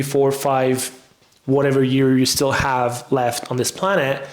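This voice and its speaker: A man who is a fitness coach, talking casually and rambling to camera, with slightly English. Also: mid-range voice. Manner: rambling, conversational. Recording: roomy echo.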